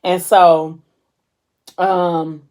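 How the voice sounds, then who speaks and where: A woman's voice: on the low side, level tone, extremely slow, darkish tone. A woman vlogger casually retelling and discussing a novel in a chatty, slangy style full of fillers.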